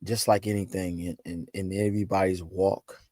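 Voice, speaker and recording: A man as a podcast guest, talking about fatherhood in a loose, animated, emphatic way, full of repeats and "you know what I'm saying.". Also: low-pitched, normal speed, no room sound. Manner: animated, emphatic storytelling with lots of repetition. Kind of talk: casual conversational interview.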